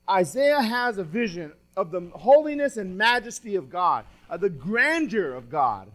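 Male pastor, sermon, high voice, emphatic scripture reading, loud-to-quiet swings. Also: big pitch swings, measured pace, hardly any pauses. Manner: reads scripture aloud with dramatic stress.

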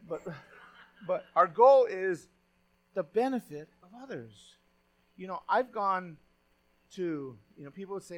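A male pastor with a high-pitched voice, lively intonation, moderate pace and some vocal fry preaches in a conversational way. He often restarts his sentences as he retells a story.

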